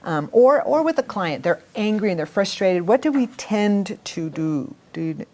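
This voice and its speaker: A middle-aged woman teaching a communication workshop to a live group, talking in a lively, animated way. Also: medium pitch, normal speed. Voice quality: animated storytelling with acted quotes. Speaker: workshop instructor.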